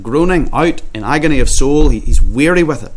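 A man preaching an earnest expository sermon, often repeating words and slowing down when he quotes scripture. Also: mid-range voice, animated, a little hiss or hum. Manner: slows down when quoting scripture.

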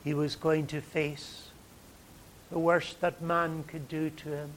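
A man preaching a sermon in a dramatic way, dropping to a hush and then rising loud. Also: a little high, flat delivery, slow pace, a little hiss or hum. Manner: dramatic, swings from hushed to loud.

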